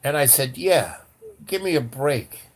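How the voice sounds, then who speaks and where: A man's voice: mid-range voice, unhurried. An older man telling a rambling personal story in casual talk, with many restarts, acting out the voices of the people he quotes. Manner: animated, acts out quoted voices.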